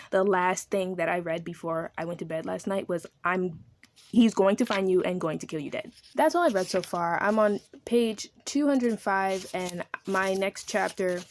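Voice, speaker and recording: Animated swearing woman recapping a book. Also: fairly low pitch, slight background noise. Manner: animated, swears freely, acts out characters' lines. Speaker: book vlogger. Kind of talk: casual book recap chat.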